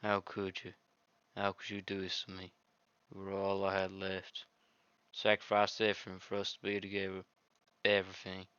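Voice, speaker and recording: A man voicing a heartbroken, betrayed young woman who speaks in a quiet, hurt, accusing way. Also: sits low, completely flat delivery, moderate pace, long pauses, clean tone, no room sound, muffled recording. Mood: bitter.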